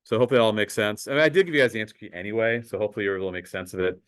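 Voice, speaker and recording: Casual low-voiced male math teacher. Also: very fast, fairly bright tone, clear, resonant tone, rough recording. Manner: casual, talks to students as guys, thinks aloud with fillers. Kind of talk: classroom lecture.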